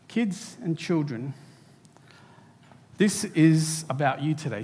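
A man's voice: on the high side, husky, long reverb tail. A man preaching a sermon to a church, speaking animatedly and turning to the children directly. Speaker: pastor. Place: church hall.

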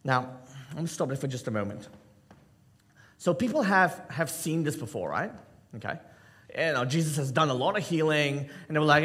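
Male pastor, fairly high voice, very animated delivery, playful sermon with acted-out skits and crowd asides. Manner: joking, acts out Bible scenes and everyday skits; addresses the congregation with quick asides.

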